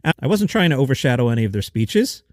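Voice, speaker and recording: A man's voice: mid-range voice, sing-song, fast talker, darkish tone, dry recording, studio quality. A man hosting a comedy news podcast, delivering headlines with a sing-song lilt and sarcastic asides. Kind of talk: casual comedic news commentary.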